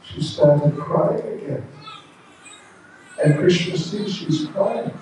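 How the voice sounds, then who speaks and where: A monk tells a devotional story slowly and casually, stopping for asides. His voice is high for a man and mellow. He is heard from a distance in a very echoey temple hall with a faint hum. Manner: slow, conversational storytelling with asides. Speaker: visiting monk preacher. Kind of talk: storytelling sermon.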